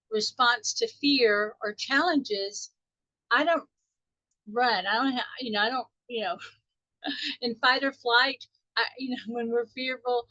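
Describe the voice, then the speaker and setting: A woman's voice: on the high side, pushed and bright, dry recording, highs cut off. A middle-aged woman from Texas, a spiritual teacher telling a chatty story on a group call. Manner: chatty, anecdotal, laughs often. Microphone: call audio.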